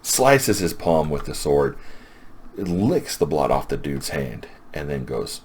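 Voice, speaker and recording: Very deep-voiced man rambling about comics. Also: expressive, slow pace, noisy background. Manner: rambling, enthusiastic plot recap. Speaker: comic book reviewer. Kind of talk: casual retelling.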